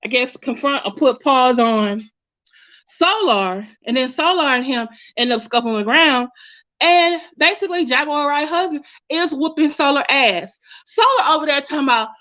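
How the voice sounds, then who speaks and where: A woman's voice: sits high, animated, moderate pace, bright, forceful tone, poor audio. A woman giving casual, blunt commentary, chatty and often restarting her sentences. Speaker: commentary YouTuber.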